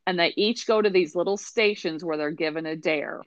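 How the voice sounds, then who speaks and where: A woman's voice: fairly low pitch, moderate pace, no echo. A middle-aged woman hosting a podcast, recapping an episode in a chatty, wry way with exasperated asides. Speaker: podcast host. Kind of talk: casual recap chat. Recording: dry, dull lo-fi sound.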